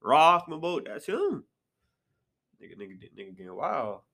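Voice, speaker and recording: A man talking casually on his own podcast from an apartment, with a bright, fairly high voice. His pitch swings widely, leaping into sharp outbursts and sinking into quiet mutters. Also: normal speed, vocal fry. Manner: animated, jumps into sharp high outbursts then drops to low mutters. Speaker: podcast host. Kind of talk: casual solo podcast chat. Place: apartment room.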